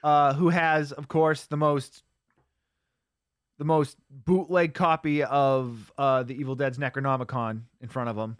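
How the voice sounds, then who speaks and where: On a casual movie-riffing podcast, a male co-host retells a bad film animatedly, with plenty of laughs and "uh"s. His mid-range voice is clear and resonant, with fairly even intonation and a slightly slow pace, in a dry, studio-quality recording.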